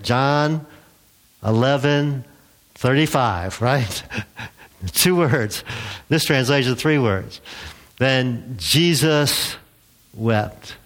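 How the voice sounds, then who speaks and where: A man preaching a sermon as a pastor, in a relaxed, conversational way. He acts out the quotes he tells and chuckles now and then. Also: mid-range voice.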